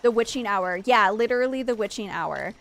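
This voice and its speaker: Young woman streamer, a touch high-pitched, chatty and rambling, faint hiss behind. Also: expressive, a little fast, creaky, fairly bright tone. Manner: rambling, heavy use of "like", frequent restarts. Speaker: streamer, host. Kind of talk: casual chat while playing a game.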